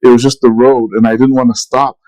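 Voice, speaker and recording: A man's voice: medium pitch, level tone, fast talker, a little mellow, low-quality recording. A middle-aged man casually telling a long story on a podcast, rambling with many restarts and quoted dialogue. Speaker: podcast co-host.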